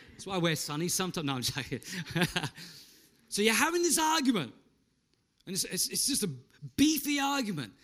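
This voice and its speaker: A middle-aged man preaching a sermon, animated, asking the listeners questions and slipping in jokes. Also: high voice. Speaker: pastor.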